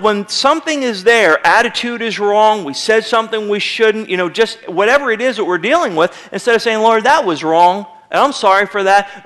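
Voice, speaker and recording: A man preaching in a church, with a voice pitched high for a man. He keeps it conversational and acts out little quoted voices as he goes. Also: fairly bright tone. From United States. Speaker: pastor. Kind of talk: sermon. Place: church sanctuary.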